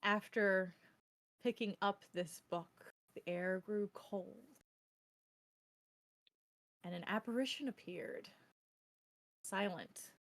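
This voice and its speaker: Slow-speaking woman game master. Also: mid-range voice, a bit bright. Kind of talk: narrating a tabletop game.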